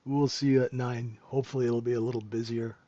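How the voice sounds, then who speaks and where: A man's voice: medium pitch, flat delivery, fast, warm tone, dull audio. A middle-aged man hosting a live trading room, chatting casually and joking with viewers, laughing often. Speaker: trading room host and mentor.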